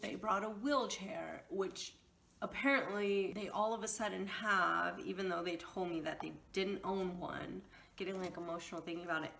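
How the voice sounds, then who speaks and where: A young woman talks straight to camera in a casual storytime vlog. Her retelling runs heated and emotional, with blunt swearing. Her voice sits at an ordinary middle pitch for a woman. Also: gravelly, a bit bright. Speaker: vlogger.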